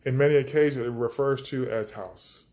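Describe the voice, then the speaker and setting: A man's voice: mid-range voice, normal speed, a little mellow. A man teaching scripture on a podcast, enthusiastic, stretching out key words for emphasis. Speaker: preacher.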